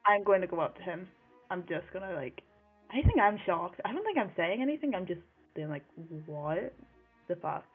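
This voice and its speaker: A woman's voice: medium pitch, expressive, fairly quick, slightly rough, faint music behind. A woman playing a tabletop game, blunt and swearing freely. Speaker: player. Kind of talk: casual play at a tabletop game. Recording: tinny phone-like line.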